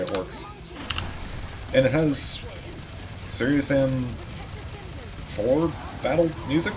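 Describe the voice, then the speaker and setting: A gamer talks over his own gameplay in a casual, chatty way, cursing now and then and poking fun at himself. His voice sits at a medium pitch, with game music and keyboard typing audible in the background.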